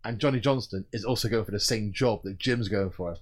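A man co-hosting a casual podcast, telling stories in an animated way and acting out quick quoted lines. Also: fairly low pitch. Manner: animated storytelling, recaps soap plots with quick quoted voices. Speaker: podcast co-host. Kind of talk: casual chat.

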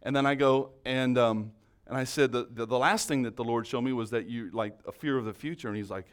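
A man's voice: medium pitch, fast. A man preaching a sermon, telling a story in a casual, conversational way with many restarts. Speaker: pastor.

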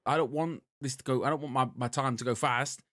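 A man's voice: mid-range voice, steady tone, a little fast, fairly bright tone, dry recording, studio quality. A man co-hosting a podcast, rambling and swearing in casual chat. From Britain. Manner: rambling, self-interrupting, swears freely. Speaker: podcast co-host.

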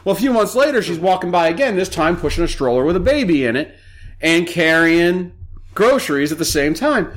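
A man's voice: sits high, very animated, a little fast. A man telling crude, joking stories in casual podcast chat, swearing freely. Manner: profane, storytelling, jokey.

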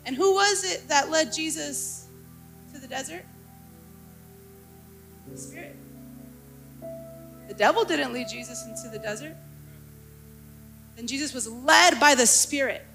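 High, bright-voiced woman preaching fervently. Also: measured pace, creaky, pauses often, soft background music. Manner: passionate, rising to fervent exclaiming. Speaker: pastor. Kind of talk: sermon.

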